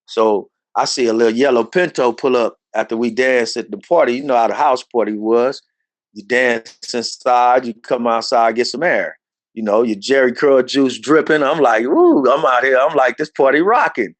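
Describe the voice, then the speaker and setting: Animated storytelling man, dry sound. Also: normal speed, dry recording. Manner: animated, acts out quoted voices in a higher pitch. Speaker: interview guest telling his life story. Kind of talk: casual storytelling.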